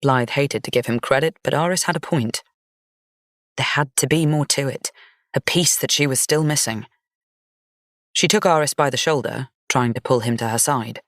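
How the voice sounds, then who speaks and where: A woman narrating a gothic fantasy romance audiobook in an even, measured storytelling manner. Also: a bass voice, no echo, studio quality.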